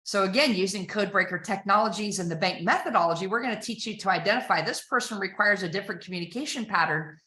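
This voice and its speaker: Emphatic woman giving a bright sales training. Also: medium pitch, quick pace, hardly any pauses. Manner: emphatic, persuasive, rhetorical questions. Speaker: sales trainer and company founder. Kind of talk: energetic sales training talk. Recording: roomy echo.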